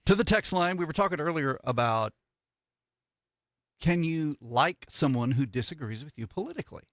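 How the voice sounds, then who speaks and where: A man co-hosting a morning radio show, chatting casually with deadpan asides and reading listener texts aloud. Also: fairly high pitch, normal speed, no echo, studio quality. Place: radio studio. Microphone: studio microphone.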